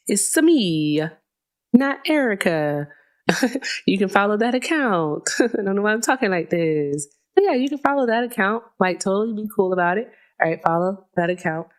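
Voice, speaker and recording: A woman's voice: medium pitch, close to an everyday voice. A woman voicing a playful alter-ego version of herself, with a chirpy, exaggerated manner. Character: joking alter-ego woman in a cowboy hat.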